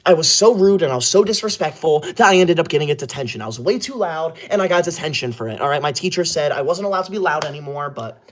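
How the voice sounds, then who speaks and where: A man's voice: a little high, quick pace, few pauses, lightly acted. A man playing a bossy, touchy schoolboy livestreamer who is obsessed with rules, in a comedic livestream parody, talking in a scolding, indignant way.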